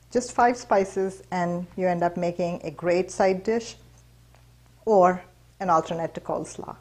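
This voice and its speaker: Woman host, low-ish voice, casual cooking demo, chatty with fillers. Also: a little slow, poor audio. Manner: relaxed, chatty, many fillers. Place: kitchen.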